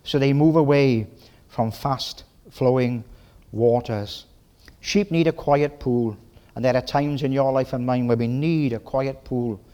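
Full of tag questions and quick bursts, the sermon comes from a middle-aged man from Wales whose mid-range voice carries a Welsh accent and a folksy, lively delivery.

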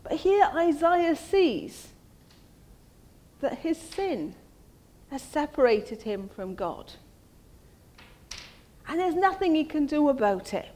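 A woman delivers a sermon in a friendly, conversational manner. Her voice sits high and she speaks at a measured, unhurried pace. She often turns her points into rhetorical tag questions. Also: big pitch swings, warm tone. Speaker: preacher.

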